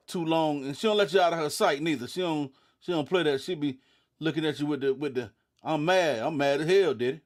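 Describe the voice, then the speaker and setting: A young man with a drawl and a fairly high voice for a man hosts a relaxed livestream. He talks in a laid-back, drowsy way and greets viewers one after another. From eastern North Carolina. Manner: laid-back, repeats "you know what I'm saying". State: sleepy. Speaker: livestream host.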